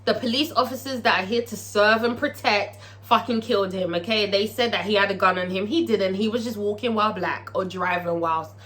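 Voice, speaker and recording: A woman's voice: medium pitch, brisk, few pauses, fairly bright tone. A British woman recapping a TV episode in a casual, profane, chatty way, as a show reviewer.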